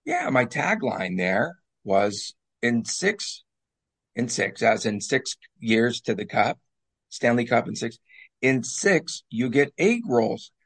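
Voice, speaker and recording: Guy with a gravelly voice on a hockey talk show, joking around, cracks himself up. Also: medium pitch, sing-song, slow pace, fairly bright tone. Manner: jokey, laughs at his own bits. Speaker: sports talk co-host.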